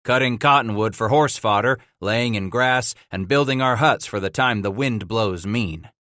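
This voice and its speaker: A man voicing a rough-spoken frontier trapper with a snarling backwoods drawl, in a storybook reading. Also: medium pitch, moderate pace, sharp tone, no echo, studio quality, lightly acted.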